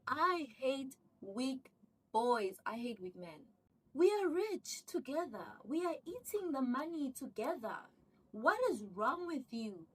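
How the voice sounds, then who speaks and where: A woman's voice: a bit bright, distant mic, heavily acted, poor audio. A woman playing a scheming, controlling wife. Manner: coaxing and menacing, turning to shrill scolding.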